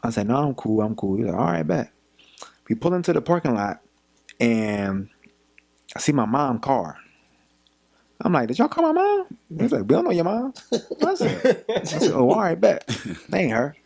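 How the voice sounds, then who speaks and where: Young adult man from Philadelphia, podcast guest; animated storyteller who jumps into the voices of the people he quotes, middle pitch. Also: a little fast, gravelly. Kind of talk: casual storytelling.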